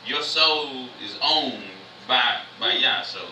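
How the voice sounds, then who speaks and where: Bright-voiced man preaching in echoey church. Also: mid-range voice, distant mic, a little hiss or hum. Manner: reads scripture slowly, then explains in loose everyday slang. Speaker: church speaker. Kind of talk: casual sermon with scripture reading. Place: church sanctuary. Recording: echoey church room, mic from afar.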